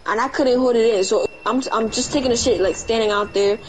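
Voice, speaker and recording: A woman streamer chatting while gaming, telling an animated childhood story full of slang and swearing. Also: a little high, a little fast, slight background noise, low-quality recording. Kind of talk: casual chat while gaming.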